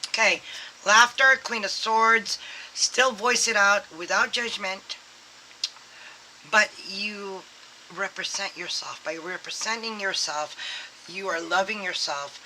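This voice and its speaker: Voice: medium pitch, slow pace, sharp tone, slight background noise, poor audio. A tarot reader giving a casual, rambling reading full of fillers and acted-out quotes. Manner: rambling and filler-heavy, acts out quoted thoughts.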